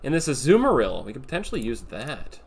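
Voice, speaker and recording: A man's voice: medium pitch, wildly swooping pitch, fast, gravelly, slightly rough. A man streaming a game, talking casually to his chat with offhand swearing. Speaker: streamer, host. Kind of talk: gameplay commentary.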